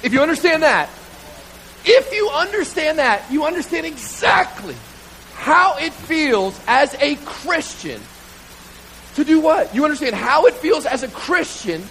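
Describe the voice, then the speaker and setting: Animated high-voiced man preaching, rain behind. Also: a little slow, slight background noise, low-quality recording. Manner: animated, self-mocking, builds to loud bursts. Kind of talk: sermon with comic storytelling.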